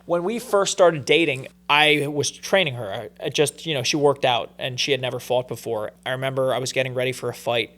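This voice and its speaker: A man's voice: medium pitch, fairly quick, hardly any pauses. Man telling stories in an easygoing chat. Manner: relaxed storytelling with many fillers and restarts. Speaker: guest, pro fighter. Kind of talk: casual podcast interview.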